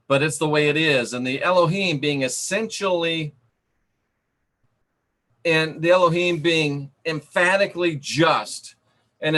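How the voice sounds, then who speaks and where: A man giving a livestream sermon, slow and emphatic, repeating his phrases for weight. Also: a little high, a bit bright. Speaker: preacher reading live chat.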